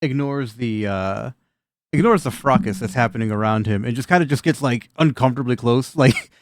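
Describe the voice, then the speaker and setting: A man's voice: mid-range voice, normal speed, no room sound. Male game master, loose profane narration, dry close sound. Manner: laughing, loose and profane, many restarts.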